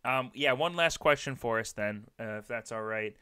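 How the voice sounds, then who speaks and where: A man's voice: mid-range voice, moderate pace, bright, forceful tone, clean tone. A man co-hosting a casual comedy podcast, riffing and giggling as he trades jokes. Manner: giggly, riffing, breaks into laughter. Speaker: podcast co-host.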